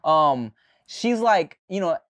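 Lively, animated young man. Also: slow pace. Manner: animated storyteller, lively swings in pitch. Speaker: podcast host. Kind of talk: casual chat.

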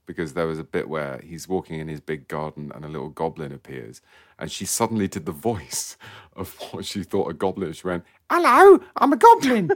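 Guest author, man, forties; deep voice, self-mocking, stop-start phrasing, dry studio mic. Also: dry recording. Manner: self-deprecating, wry, halting restarts. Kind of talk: casual interview chat.

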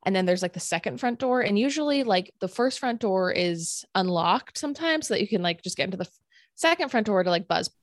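A woman's voice: mid-range voice, fairly quick, no echo. Chatty young woman telling a story. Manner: animated, filler-heavy storytelling with acted-out quotes. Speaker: podcast co-host. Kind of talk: casual storytelling chat.

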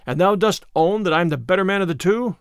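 A man's voice: high-pitched, expressive, fast, clean tone, dry recording, clean studio sound. A man voicing a stout, grim male tanner in a storybook reading, blunt and bold.

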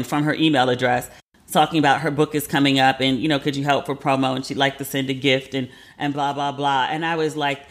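A woman host telling a personal story in a casual monologue, candid and profane, acting out quoted lines of herself and others. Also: low-pitched.

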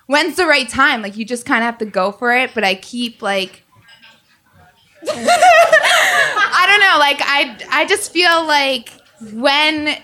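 A woman's voice: high voice, big pitch swings, takes it slowly, long pauses, sharp tone. A young woman in the audience of a live show asking for dating advice, hesitant and full of fillers.

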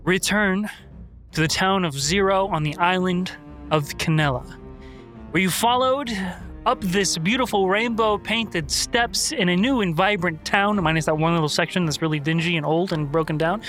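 A man's voice: high-pitched, a bit bright. A young man running a tabletop game as game master, recapping the last session in a loose, rambling way full of fillers.

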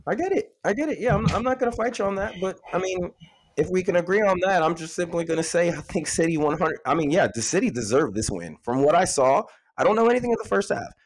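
A man co-hosting a football podcast, hoarse from yelling, swearing and arguing excitedly about his team's win. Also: high-pitched, quick pace, crowd noise, low-quality recording. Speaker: podcast co-host, City fan. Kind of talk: heated casual football debate.

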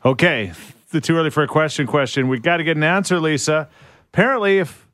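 A man's voice: fairly high pitch, quick pace, fairly bright tone, no room sound, studio quality. A man hosting a morning radio show, chatty and playful as he takes listener calls. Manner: upbeat, chatty, playful teasing. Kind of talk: phone-in quiz banter.

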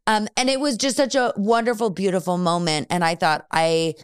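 A woman's voice: mid-range voice, fairly even intonation, moderate pace, smooth, no echo, studio quality. A woman hosting a podcast interview, telling a story effusively, laughing often and swearing casually. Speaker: podcast host.

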